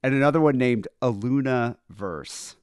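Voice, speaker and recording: A man's voice: mid-range voice, lively intonation, normal speed, darkish tone, smooth, no room sound, clean studio sound. A man co-hosting a comedy podcast from home, chatting casually in a rambling, irreverent way with lots of fillers. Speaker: podcast co-host.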